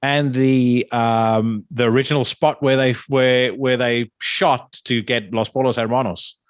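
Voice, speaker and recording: A man's voice: medium pitch, steady tone, measured pace, dry recording, clean studio sound. A man hosting a podcast, chatting casually, swearing freely and tripping over repeated words. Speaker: podcast host.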